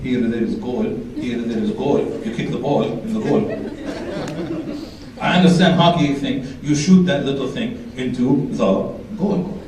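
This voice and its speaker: A man voicing an older immigrant Arab father who speaks halting, broken English. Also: medium pitch, background noise, pitched below the performer's own voice, lightly acted. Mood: explaining. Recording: echoey hall, distant mic, crowd.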